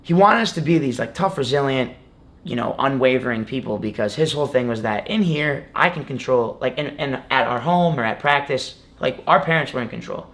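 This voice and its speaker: Speaking briskly and expressively in a medium-pitched, fairly bright voice, a twenty-something man appears as an interview guest. The wrestler tells his story in a rambling, filler-heavy way, with plenty of "like"s and restarts.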